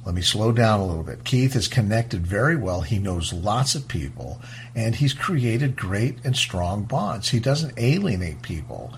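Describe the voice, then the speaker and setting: A man hosting a talk show, speaking in a fast-paced, emphatic way and often restarting his words. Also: lowish voice, big pitch swings, a little hiss or hum. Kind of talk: casual talk-show monologue.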